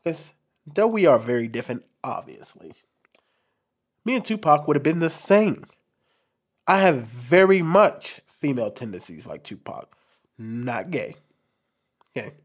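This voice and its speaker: Expressive man with a light, lively voice. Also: fairly high pitch, unhurried, long pauses. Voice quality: light, soft voice he calls feminine. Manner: expressive, talks with his hands, candid and forward. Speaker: commentary channel host. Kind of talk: personal monologue to camera.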